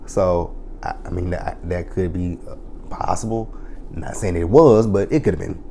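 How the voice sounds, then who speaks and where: A man's voice: low-pitched, unhurried, vocal fry, mellow. A man casually recapping and reviewing a TV drama episode, blunt and profane, animatedly retelling scenes and quoting lines. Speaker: TV show reviewer.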